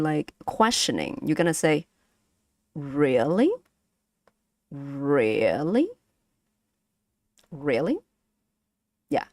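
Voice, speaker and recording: A woman with a Vietnamese accent walks her chat through pronunciation. Her voice sits low but swoops widely as she models each tone, and she laughs often. She speaks slowly into a close, dry mic. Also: no echo. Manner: playful, giggly, drills tones aloud. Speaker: vtuber language streamer. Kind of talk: casual language lesson to stream chat.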